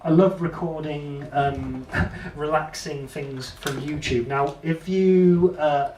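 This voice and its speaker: A man's voice: on the high side, slow. A man giving a casual, rambling, self-deprecating demo of electronic music gear. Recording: echoey room, distant mic, loud background noise.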